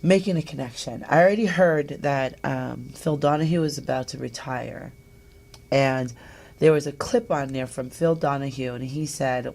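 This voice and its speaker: A middle-aged woman hosting a talk show, telling personal stories in an animated way and acting out the voices of people she quotes. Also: extremely low pitch, moderate pace, creaky. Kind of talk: personal storytelling chat.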